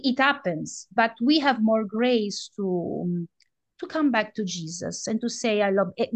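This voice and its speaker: A woman reflects on a devotional prayer in a halting way, pausing and searching for her words. Her voice sits at a middle pitch, heard over a video call. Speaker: prayer group member.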